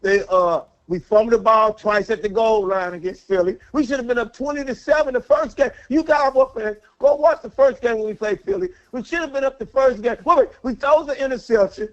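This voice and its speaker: A high-pitched man rants in anger on a call-in line, profane and fired up, tripping over his own words. His voice comes through dull and lo-fi. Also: brisk, few pauses. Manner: angry, profane, repeats himself. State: worked up. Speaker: caller. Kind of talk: heated call-in rant.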